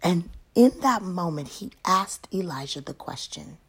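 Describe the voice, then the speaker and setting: A woman teaches from scripture in a hushed, breathy voice that often sinks to a half-whisper. She speaks slowly and deliberately, pitched a little low. Now and then she presses key lines with sudden emphasis. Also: animated. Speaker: devotional speaker. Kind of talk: Bible devotional teaching.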